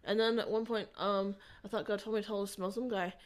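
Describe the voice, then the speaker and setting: A woman in an interview, telling a personal faith story in a rambling, halting way with frequent restarts. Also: mid-range voice, steady tone. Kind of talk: conversational testimony.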